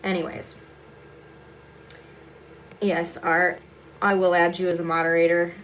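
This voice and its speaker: A woman's voice: fairly low pitch, flat delivery, measured pace, a bit bright, slight background noise. A young adult woman comedian hosting a casual livestream, answering viewers bluntly and sarcastically, with plenty of swearing, while she does her makeup.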